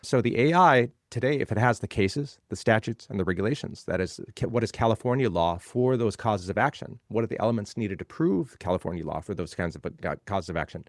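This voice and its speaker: A man's voice: on the low side, expressive, brisk, few pauses, no echo, clean studio sound. A man being interviewed as a legal tech guest, explaining ideas in a conversational way and building points by repeating phrases.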